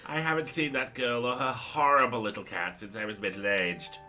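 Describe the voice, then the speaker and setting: A man voicing a haughty old woman who is feuding over pets, with a grand, drawn-out theatrical delivery. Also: mid-range voice, steady tone, pushed and bright, soft background music.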